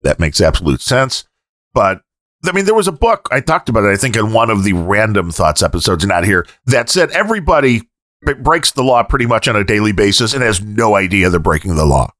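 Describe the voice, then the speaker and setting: A man's voice: fairly low pitch, very animated, a little fast, fairly bright tone, no echo, studio quality. A man co-hosting a podcast in casual chat, cracking jokes and jumping in with asides. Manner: wisecracking, jumps in with jokes and asides. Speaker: podcast co-host.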